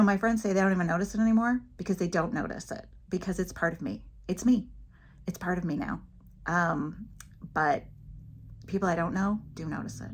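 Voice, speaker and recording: A woman's voice: medium pitch, a little mellow. A middle-aged woman vlogging casually about living with cervical dystonia, telling stories and acting out the voices of the people in them. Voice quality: head tremor from dystonia. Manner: chatty storytelling, acts out quoted voices. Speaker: vlogger with a movement disorder. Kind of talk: casual personal vlog.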